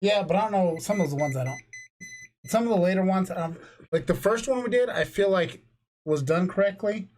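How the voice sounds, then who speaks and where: A man's voice: sits high, expressive, a little fast, darkish tone. Podcast host, man, 30s, from New Mexico, tipsy, profane rambling ranter. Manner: profane, rambling, jokey ranting. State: tipsy from drinking. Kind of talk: casual chat.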